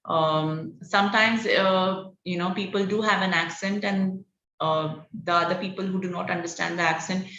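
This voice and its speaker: A woman running an online public speaking class, encouraging and energetic, with frequent "okay" and "all right" between points. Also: lowish voice, normal speed, slight background noise. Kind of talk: online training session. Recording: dull roomy lo-fi online call audio.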